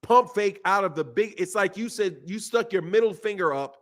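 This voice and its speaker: A man with a Southern US accent hosts a live boxing stream. His voice sits a little high, and he talks in a relaxed, slangy way, often repeating his phrases. He chats loosely and reads out messages from viewers. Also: moderate pace. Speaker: boxing channel host. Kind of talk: casual live-stream talk reading chat.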